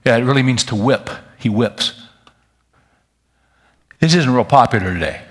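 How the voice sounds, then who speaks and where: A man delivers a sermon at a middle pitch. He preaches in a folksy, animated way, often turning to ask his listeners questions. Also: normal speed. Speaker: pastor.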